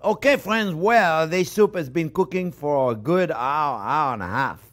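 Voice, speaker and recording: Animated chef, higher voice. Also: male voice, measured pace. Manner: animated, chatty, keeps asking "okay?". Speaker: chef and cooking show host. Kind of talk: cooking demonstration.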